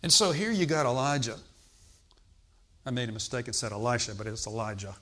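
A male preacher gives a sermon in a mid-range, slightly bright voice with lively intonation, speaking a little fast. He addresses the congregation conversationally, asking them questions and bursting into emphatic exclamations.

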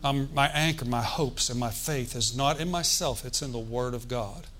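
A man's voice: medium pitch, moderate pace, fairly bright tone, a little hiss or hum. A man preaching a sermon in a conversational, folksy way, with joking asides and calls for the congregation to answer. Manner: asks the congregation for responses.

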